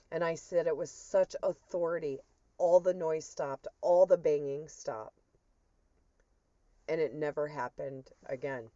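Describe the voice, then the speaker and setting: Speaking unhurriedly in a low, warm voice, a woman gives an earnest testimony of a personal spiritual experience, her storytelling full of emotion. The recording is dry, dull and muffled.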